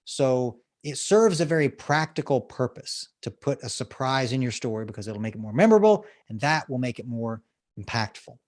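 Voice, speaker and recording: A man, a storytelling coach, explaining techniques and telling an example story on a podcast interview, animated and laughing often. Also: mid-range voice, normal speed. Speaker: guest, business storytelling coach.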